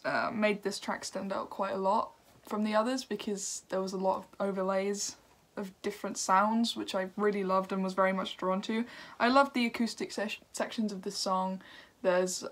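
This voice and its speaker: A woman's voice: mid-range voice, fairly bright tone, a little hiss or hum. A young woman reviewing a record on her video channel, chatty and upbeat, with lots of fillers and little laughs. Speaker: music reviewer.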